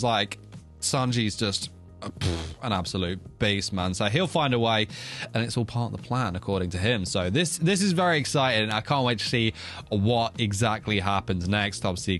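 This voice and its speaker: A young man hosting an anime reaction video, excitable, swearing freely and shouting when the action peaks. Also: on the low side. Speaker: reaction channel host. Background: faint anime soundtrack.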